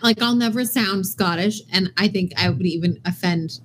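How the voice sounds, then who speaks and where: A woman's voice: mid-range voice, normal speed. American woman on a chatty comedy show, earnest, bit shy, faint hiss behind her. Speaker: co-host. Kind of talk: casual chat.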